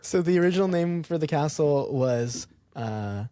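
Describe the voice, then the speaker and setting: A male podcast co-host recounts a castle's history in casual conversation, animated and laughing often, with fillers like "um." His pitch is fairly high and his pace moderate.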